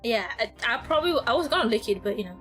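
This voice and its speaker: Soft music plays behind a young woman casually commenting on the game she's streaming, laughing often as she rambles and giggles. Her fairly high, slightly bright voice comes out animated and rapid-fire.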